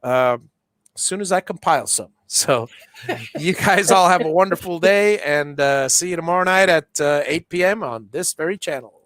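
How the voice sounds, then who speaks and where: A man's voice: a little high, moderate pace, fairly bright tone, no room sound. A man hosting a casual livestream, chatting while he solders, with many restarts and fillers. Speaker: livestream host.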